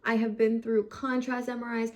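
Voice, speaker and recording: A woman's voice: on the high side, level tone, moderate pace. Frustrated young woman close to tears. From United States. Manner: emotional, frustrated, swears, fights back tears. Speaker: vlogger. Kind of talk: personal story to camera.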